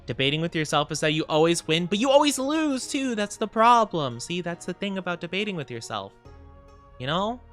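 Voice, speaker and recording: A man's voice: sits high, sing-song, brisk, fairly bright tone, faint music behind. A man streaming and chatting casually with viewers, playful and giggly, rambling freely. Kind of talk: casual live-stream chat.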